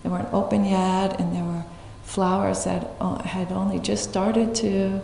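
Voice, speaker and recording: A woman giving a dharma talk as a meditation teacher, telling a story in a reflective, unhurried way and laughing often. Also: medium pitch, level tone, creaky, mellow, a little hiss or hum. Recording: echoey hall with faint ambience.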